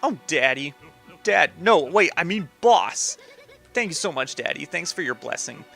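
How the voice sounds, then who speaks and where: A lovestruck young woman, as a man puts her on, pleading in a raised, bright voice. She is a mobster's daughter in a game, and faint game music plays behind her. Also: fairly high pitch, expressive, a little slow, gravelly, heavily acted. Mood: grateful.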